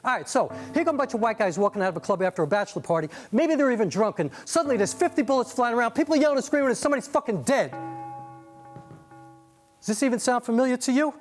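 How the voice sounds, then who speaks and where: A man delivers rhythmic spoken-word poetry in an intense, driving style, returning again and again to repeated refrains. His voice sits very high, the lines come quickly, and soft music plays underneath. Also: animated. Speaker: spoken-word performer and narrator.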